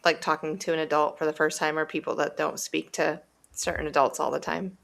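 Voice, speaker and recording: A woman's voice: deep voice, little pitch movement, a little fast, gravelly, fairly bright tone. A woman who works as a teacher, chatting casually and telling stories in a patient, earnest way. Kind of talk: casual chat.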